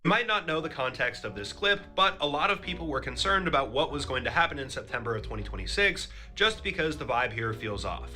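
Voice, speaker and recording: Very bright-voiced male commentary narrator. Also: medium pitch, sing-song, fairly quick, few pauses, faint music behind. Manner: direct, addresses the viewers. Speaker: commentary host.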